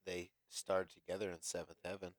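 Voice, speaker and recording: A man's voice: sits low, little pitch movement, a little fast, dry recording. A man co-hosting a casual movie chat over beers, joking crudely and swearing a lot. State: drinking beer. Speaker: podcast co-host.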